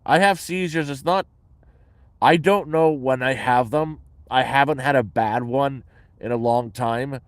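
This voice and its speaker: A man's voice: mid-range voice, a little slow, no room sound. A man from Canada, talking casually and bluntly about his life, with some swearing. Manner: blunt, profane, matter-of-fact. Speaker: vlogger answering viewer questions. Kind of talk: casual chat. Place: his shelter.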